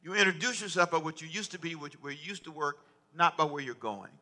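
Male pastor, sermon, very bright tense voice, slightly high, chatty and joking. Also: quick pace. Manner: conversational, repetitive, humorous asides.

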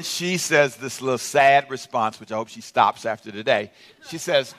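A man's voice: mid-range voice, moderate pace, fairly bright tone. A middle-aged male pastor preaching a sermon in a humorous, playful way, drawing responses from the congregation.

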